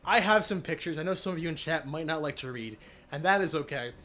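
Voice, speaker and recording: A man streaming live, recapping his channel's year in a casual, energetic way with many fillers and shout-outs, voice cracking after being sick. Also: a little high, fast. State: recovering from illness, voice cracking.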